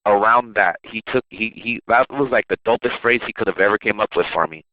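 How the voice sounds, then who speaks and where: A man talks about his music in a casual interview, meandering with restarts and quick laughs. His voice sits low. The recording is dry and narrow, with a tinny, phone-like quality. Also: no room sound. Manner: loose, rambling, with restarts and laughs. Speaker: rapper and producer.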